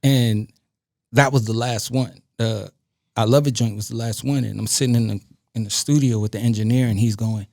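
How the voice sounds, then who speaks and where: Telling stories on a casual podcast, a guest DJ and producer from Brooklyn, New York voices other people's lines and swears often. His medium-pitched voice is creaky and moves at a moderate pace. The recording is dry and studio quality.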